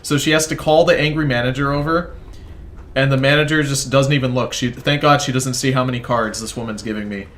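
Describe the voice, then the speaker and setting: Speaking fairly quickly in a steady, medium-pitched voice with a bit of brightness, this gaming video creator tells a rambling, profane story in casual chat. He plays a video game throughout and frequently breaks off to comment on it.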